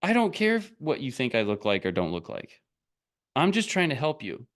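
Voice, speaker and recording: A man's voice: medium pitch, huge pitch swings, moderate pace. A middle-aged man coaching on online business in a blunt, rambling, casual motivational talk, often breaking into laughs.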